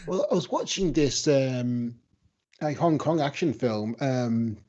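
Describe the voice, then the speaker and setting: A man, telling an animated, emphatic story in casual podcast chat over a muffled remote line. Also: medium pitch, slow pace.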